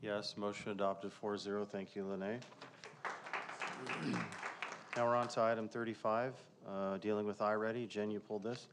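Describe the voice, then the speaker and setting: A man with a low, monotone voice chairs a board meeting. He moves briskly through procedure. The audio is noisy and from off-mic.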